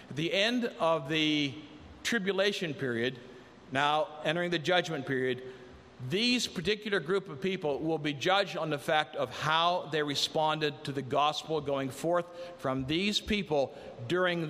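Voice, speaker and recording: Male pastor, higher-pitched voice, earnest conversational sermon with acted-out quotes, long reverb of a big hall. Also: a bit bright.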